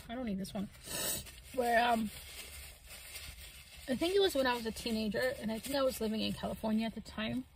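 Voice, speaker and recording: A woman's voice: a little high, slight background noise, low-quality recording. A woman vlogger in a casual chat while she eats, talking with her mouth full and musing in a rambling way, with lots of fillers. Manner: soft-spoken, wondering. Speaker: mukbang vlogger.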